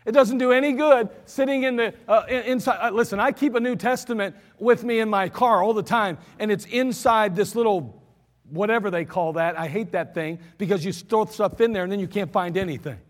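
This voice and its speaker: A man preaching an emphatic sermon, slowing down and repeating lines for stress. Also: high-pitched, long reverb tail. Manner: emphatic, repetitive, slows for stress.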